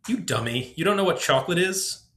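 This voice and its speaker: A man's voice: fairly high pitch, animated, fairly quick, bright, forceful tone, pitched above the performer's own voice. A man doing a lisping sulky tween boy. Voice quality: lisp. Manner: sulky, trying to sound uninterested. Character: petulant tween boy with a lisp.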